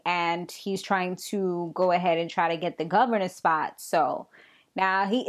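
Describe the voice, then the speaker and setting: A young woman casually recapping a TV episode in an animated, slangy way. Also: medium pitch. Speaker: TV recap vlogger.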